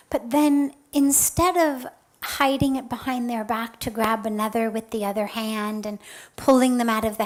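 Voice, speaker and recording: A woman spiritual teacher telling a personal story in a spiritual talk, slow and reflective, often sinking to a soft, breathy near-whisper and then rising with emphasis on key words. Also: fairly high pitch.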